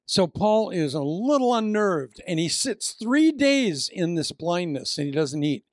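An older man from Iowa preaching a sermon, telling the story with lively acted-out voices and asides. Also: high voice, a little slow, hardly any pauses, no room sound, clean studio sound. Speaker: pastor.

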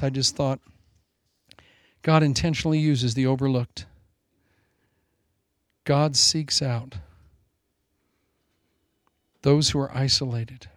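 A man in his forties preaching a sermon, animated and joking, with self-mocking asides. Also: medium pitch, no echo, studio quality. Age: 40s. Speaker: pastor.

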